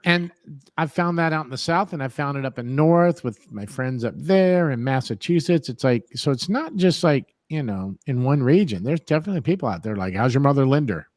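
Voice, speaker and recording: A man's voice: a little high, lively intonation, a little fast, darkish tone, no room sound, studio quality. A man co-hosting a casual talk show, joking and teasing guests over a video call. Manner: jokey, teasing, puts on funny voices. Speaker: co-host.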